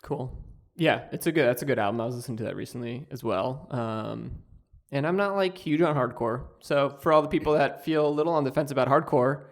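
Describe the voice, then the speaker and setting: A man hosting a podcast in a studio, chatting casually in a rambling way with many pauses. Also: mid-range voice. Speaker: podcast host. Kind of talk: casual chat.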